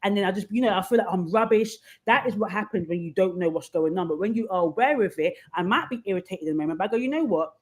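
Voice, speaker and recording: A woman's voice: medium pitch, quick pace, hardly any pauses. A woman guest giving candid advice in conversation, acting out the voices of people she quotes. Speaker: podcast guest.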